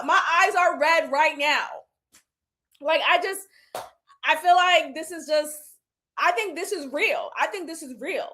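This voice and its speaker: A woman in her thirties giving candid, animated commentary on a reality show and laughing often. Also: extremely high pitch, a little slow. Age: 30s. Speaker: reality TV reviewer. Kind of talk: casual commentary.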